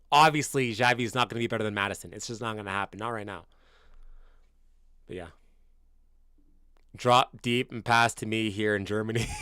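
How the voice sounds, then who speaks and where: In a smooth, mid-range voice, a Canadian football-fan streamer in his twenties reacts to viewers, swearing freely, calling everyone bro, and erupting into loud disbelief now and then. His casual chat is blunt and slangy. The audio has studio quality with no echo.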